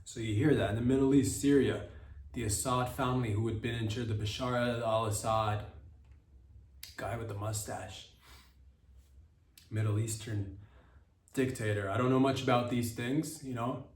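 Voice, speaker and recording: A man hosting a comedic podcast, rambling through a loose monologue with lots of fillers and sudden excited bursts. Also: mid-range voice, distant mic. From Canada. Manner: rambling, animated, jumps into excited voices. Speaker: podcast host. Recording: roomy echo, off-mic.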